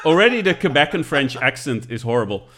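A Dutch man co-hosting a relaxed podcast conversation. He often stops and restarts his sentences and makes dry remarks. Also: a little high, brisk, a crowd in the background. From Netherlands. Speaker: podcast co-host. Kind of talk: casual chat.

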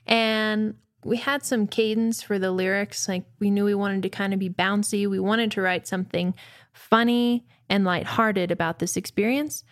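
A woman's voice: mid-range voice, normal speed, no room sound, clean studio sound. A young woman in a band, casually telling a story in an interview and acting out what people said. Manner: animated storyteller who acts out quotes. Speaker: band member.

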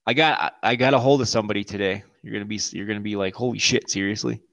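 A man's voice: lowish voice, steady tone, rapid-fire, gravelly, a bit bright. A man co-hosting a casual podcast, telling crude, profane stories and laughing often. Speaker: podcast co-host. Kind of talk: casual chat.

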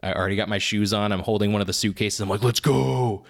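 A man co-hosting a podcast, telling animated stories about being a father and often laughing at his own anecdotes. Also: on the low side, rapid-fire. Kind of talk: casual chat.

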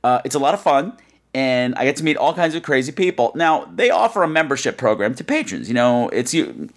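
A podcast host telling funny stories alone at the mic. His pitch leaps all over the place, and he keeps slipping into silly voices. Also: fairly quick. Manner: animated, jumps between put-on voices. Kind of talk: comedic storytelling monologue. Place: New York.

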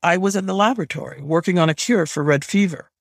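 A man's voice: sits high, fast talker, vocal fry, no room sound, studio quality. A man reading a fearful young woman acolyte. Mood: submissive. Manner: respectful, trying to sound steady. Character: frightened young woman acolyte, submissive and respectful.

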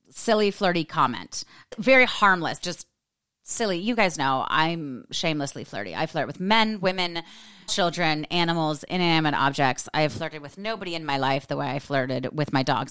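Low-voiced sassy American woman. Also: clean tone. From United States. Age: 40s. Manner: animated, sassy, acts out quoted voices. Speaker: podcast host. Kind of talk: casual storytelling monologue.

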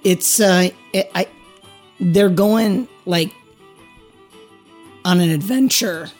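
Still-sick game master with a rough voice. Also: mid-range voice, darkish tone, faint music behind. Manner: halting, with many fillers and restarts. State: still sick, voice not fully back. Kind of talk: narrating a tabletop game and reading the outro.

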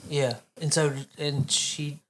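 A man's voice: a little high, fairly even intonation, slow. A man chatting casually with a friend, telling a story in a laid-back, profane, slangy way. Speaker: friend in conversation. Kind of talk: casual chat.

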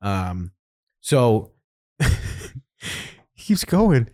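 A man's voice: fairly low pitch, drawn-out words. A man hosting a podcast in casual chat, telling a story with lots of laughter. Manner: animated storytelling, laughing often. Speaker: podcast host.

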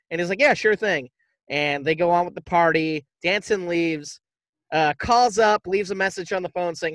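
A man co-hosting a podcast, casually retelling a movie plot in a rambling, profane way and tossing off quick impressions of the characters. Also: high voice, a bit bright, dry recording, rough recording. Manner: rambling, profane, acts out quotes loosely. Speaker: podcast co-host. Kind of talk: casual movie recap chat.

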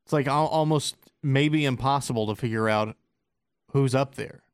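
A man's voice: mid-range voice, normal speed, clean tone, no room sound, clean studio sound. A man in casual chat, speaking in a hesitant, reflective way.

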